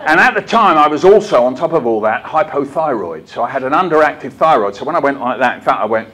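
An older man giving a lively, jokey storytelling talk to a hall of teachers, acting out bits as he goes. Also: mid-range voice, quick pace. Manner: lively, jokey, acts out voices and poems. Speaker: children's author giving a talk. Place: conference hall.

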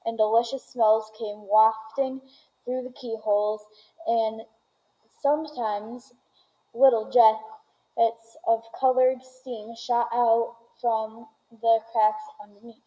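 A woman reads a children's book aloud in a steady storytelling voice, now and then restarting a word. Her voice sits fairly high, and the recording sounds dull and muffled. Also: slow pace.

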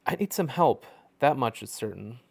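A man's voice: mid-range voice, animated, moderate pace, vocal fry, breathy edge. A man voicing an unhappy young woman who confides her troubles in short, plain statements. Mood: glum.

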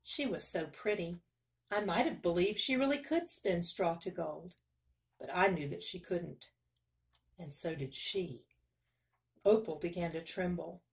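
A woman reading a children's novel aloud in steady first-person narration. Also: lowish voice, a little slow, creaky, pauses often. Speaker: reader. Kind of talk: storybook read-aloud.

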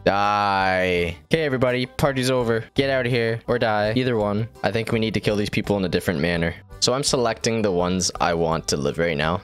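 A man hosting a gaming video, giving excitable, joking commentary with frequent swearing. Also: fairly quick, hardly any pauses, clean tone, soft background music. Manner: excitable, joking, swearing, jumps high when surprised. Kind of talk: gameplay commentary.

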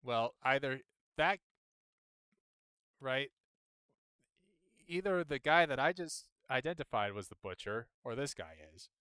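A man streaming a game, chatting and thinking aloud as he plays, with sudden jumps in pitch when excited. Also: a little slow, long pauses, clean tone, dry recording, studio quality. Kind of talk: casual gameplay commentary.

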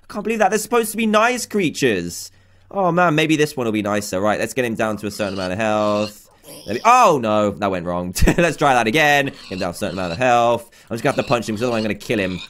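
A young man hosting a gaming channel, giving excitable commentary with frequent exclamations. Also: fairly low pitch, fast talker. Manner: animated, exclaiming, laughing often.

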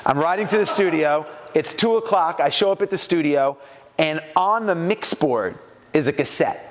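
A man from New York giving an animated storytelling talk at a business mastermind and acting out the voices in his anecdotes. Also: fairly high pitch, normal speed, long reverb tail. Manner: animated, acts out quoted voices.

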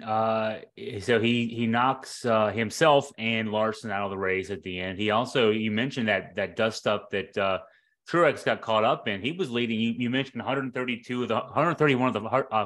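A man's voice: fairly low pitch, moderate pace, a bit bright. A man hosting an interview, asking loose, conversational questions and correcting himself as he goes. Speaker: podcast host. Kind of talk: casual interview chat.

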